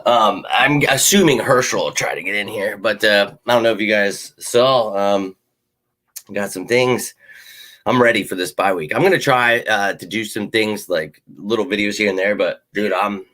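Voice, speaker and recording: A man's voice: lowish voice, moderate pace, bright, forceful tone. A man hosting a casual live fan Q&A from his home office, talking loosely, swearing casually and calling viewers man and dude. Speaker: sports show host.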